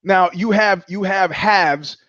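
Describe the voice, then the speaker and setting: A man's voice: high-pitched, slow, a bit bright, no room sound, lo-fi sound. A man hosting a podcast, ranting about fights in a profane, rambling way and acting out quoted conversations. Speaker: podcast host. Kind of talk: casual rant.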